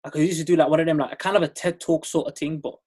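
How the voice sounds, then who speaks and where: Husky-voiced young man, laid-back. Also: fairly high pitch, fairly even intonation, rapid-fire, a little mellow. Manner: laid-back, laughs often, slang-heavy. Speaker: podcast co-host. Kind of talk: casual chat.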